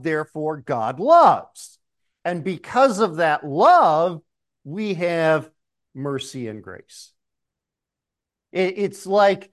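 Slow, emphatic male preacher. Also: a little high. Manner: slow, emphatic preaching with frequent throat clearing. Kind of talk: sermon.

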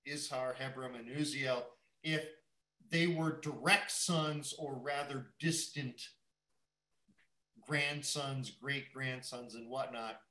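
A man's voice: mid-range voice, fairly even intonation, takes it slowly, bright, forceful tone, echoey room, poor audio. A man teaching the Bible verse by verse, thinking aloud and often repeating his words as he goes.

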